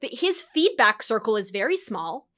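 A woman in her thirties, an entrepreneur, reflecting in an animated solo talk with quick bursts and light laughs. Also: on the high side. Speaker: entrepreneur and course creator.

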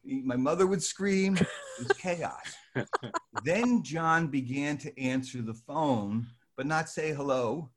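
An older man from New Jersey telling a lively anecdote, acting out the voices of the people in it. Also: on the high side, takes it slowly. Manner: lively, acts out voices in his story. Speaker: storyteller guest.

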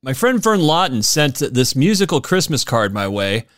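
A man's voice: normal speed, no room sound, clean studio sound. A man hosting a podcast on his own, chatty and joking, laughing at his own asides. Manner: animated, swoops up and down in pitch. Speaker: podcast host. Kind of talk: casual solo podcast talk.

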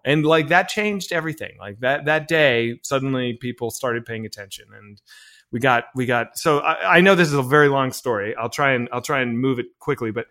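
A filmmaker telling a long story in a casual interview, full of fillers and restarts, acting out bits of dialogue. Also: male voice, mid-range voice, brisk. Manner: animated anecdote-telling with many fillers and restarts; acts out quoted dialogue. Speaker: filmmaker guest.

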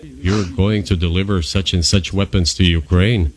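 A male interpreter dubbing an interview, steady and measured, with dry sarcasm. His voice is very low and deep, and his delivery is even. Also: slight background noise. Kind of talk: interview voice-over translation.

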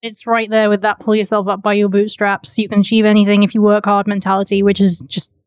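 A woman's voice: mid-range voice, little pitch movement, fast talker, dry recording. Wry female podcast co-host, dry. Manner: wry, sardonic remarks. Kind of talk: casual chat.

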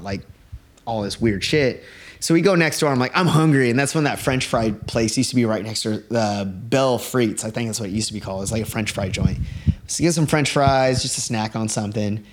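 A man chatting casually as a podcast guest, rambling through a story and leaning on 'like' constantly. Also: lowish voice. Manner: rambling, heavy use of 'like'. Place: living room.

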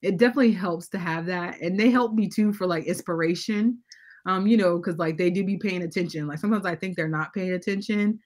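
Animated woman telling funny family stories. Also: lowish voice, fairly quick. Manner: animated, acts out quotes from kids. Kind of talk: casual storytelling chat.

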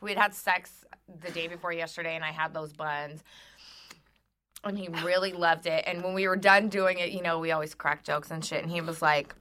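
Blunt woman with a bright, lower voice. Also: fairly even intonation, moderate pace. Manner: blunt, crude, laughing asides. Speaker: podcast co-host. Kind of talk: casual chat.

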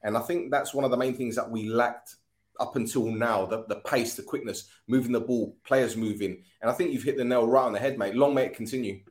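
A man's voice: medium pitch, fairly even intonation, fairly quick. A man hosting a casual football fan livestream, jokey, swearing freely and laughing often.

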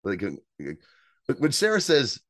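A man co-hosting a podcast, casually recapping an episode with animated, swearing commentary and acted-out quotes. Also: normal speed, dry recording, clean studio sound. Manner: animated, acts out quotes with jumps in pitch, swears freely. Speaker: podcast co-host.

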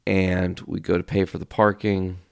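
A man with a very low, gravelly voice hosts his podcast, telling a rambling story with lots of swearing and quick acted-out quotes. The sound is close and dry, with no room around it. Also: little pitch movement, dry recording. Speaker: podcast host. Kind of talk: casual storytelling monologue.

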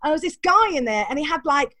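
A woman speaks in a high, bright register at a rapid clip. She tells stories with energy, acting out the voices of the people in them and laughing along the way, in an interview setting. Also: dry recording. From England. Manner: animated, acts out voices in her stories, laughs often. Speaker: guest, teacher trainer. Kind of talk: storytelling interview.

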